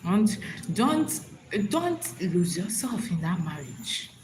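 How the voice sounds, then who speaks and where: A woman's voice: lowish voice, sing-song, slow pace, a little mellow, slight background noise, rough recording. A woman hosting a live stream and giving motivational advice in a preachy, repetitive way, often asking if listeners understand. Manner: preachy, repeats herself, asks "you understand?".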